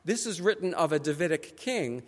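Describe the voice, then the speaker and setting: A man preaching a sermon as pastor, animated and conversational, acting out the people he quotes. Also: a little high, normal speed. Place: church sanctuary. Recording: long church hall reverb.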